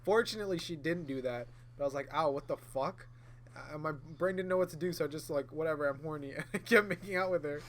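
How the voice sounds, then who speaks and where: A man's voice: on the high side, fast talker, hardly any pauses, a bit bright, a little hiss or hum. A man, a podcast co-host, telling a long casual story among friends, swearing freely and acting out both sides of the dialogue. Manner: rambling, swearing, acts out both sides of dialogue, laughs mid-sentence.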